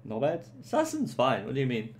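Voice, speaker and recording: A man's voice: medium pitch, wildly swooping pitch, brisk, a little hiss or hum. A young man streaming from home, chatting casually as he plays, laid-back and jokey with plenty of swearing. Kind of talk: casual live-stream commentary.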